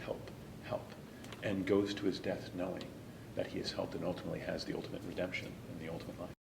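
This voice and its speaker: A man, a stage actor, talking in an interview in an earnest, emotional way and dropping to a soft whisper at times. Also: low-pitched, flat delivery, racing, creaky, reverberant, background noise. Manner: earnest and emotional, some lines softly whispered. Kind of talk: reflective interview talk.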